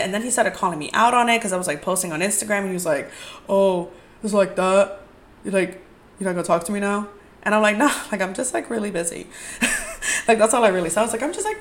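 On her casual storytelling podcast, a young woman rambles through dating stories with candor, profanity, and plenty of "like." She speaks in a mid-range voice that's a bit bright.

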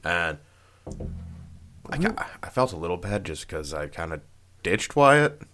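Low-voiced male podcast host, loose and jokey, breaks into laughter often. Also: sing-song, a little slow, fairly bright tone, slight background noise. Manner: laughs often, swears, trails off mid-sentence. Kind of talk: casual joking chat.

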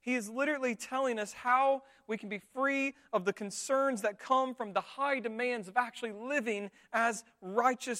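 A man preaching a sermon as pastor, talking conversationally and often checking in with his listeners with rhetorical tags. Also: extremely high pitch. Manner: conversational, with frequent rhetorical tags and animated retellings.

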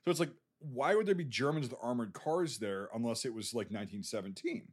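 A man's voice: medium pitch, animated, a little fast, slightly rough. A man from the United States co-hosting a podcast, talking bluntly and profanely in a rambling casual chat about a film. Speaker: podcast co-host.

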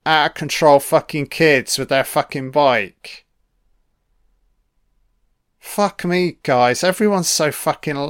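A man's voice: on the high side, takes it slowly, long pauses, fairly bright tone, clear, resonant tone. A man giving a casual, sweary and sarcastic commentary on a film.

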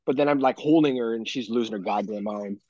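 Husky-voiced guy cussing his way through dad stories, dry close sound, a bit dull. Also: mid-range voice, quick pace, dry recording. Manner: swears freely, animated storytelling. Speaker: podcast co-host. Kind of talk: casual chat.

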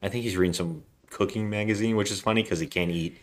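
A man's voice: lowish voice, fast. A man co-hosting a podcast, retelling a film's plot in casual, rambling chat. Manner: rambling retelling with acted quotes. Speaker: podcast co-host. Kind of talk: casual movie recap chat.

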